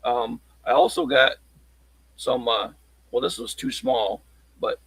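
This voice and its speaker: A man chatting casually on a livestream, showing his locksport tools in a halting, rambling way. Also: medium pitch, creaky, a bit bright, breathy edge, no echo, rough recording. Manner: halting, rambling show-and-tell.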